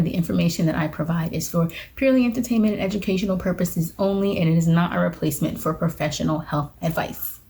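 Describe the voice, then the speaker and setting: A young woman chats casually to the camera for her vlog. Her voice is mellow and sits a little low, and she pokes fun at herself as she laughs off her own slips. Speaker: witchcraft vlogger. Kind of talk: casual talking-head vlog.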